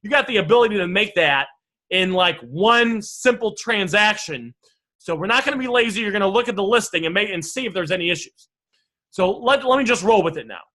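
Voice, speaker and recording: A sales and negotiation coach teaches a casual online negotiation lesson, brash and freely swearing while repeatedly calling his audience "guys." The man's voice is high-pitched, expressive and sharp, and he speaks a little fast.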